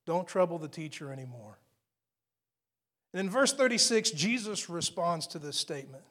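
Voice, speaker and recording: Man, preacher, high-pitched, dramatic sermon, drops to hushed whispers, emphatic repetition. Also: sing-song, moderate pace. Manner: dramatic shifts to hushed, near-whispered scripture quotes.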